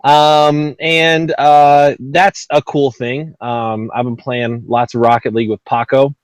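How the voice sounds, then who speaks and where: A man's voice: medium pitch, flat delivery, takes it slowly, clear, resonant tone, dry recording, low-quality recording. A man hosting a casual gaming podcast, rambling with lots of ums and uhs and poking fun at himself. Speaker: podcast host.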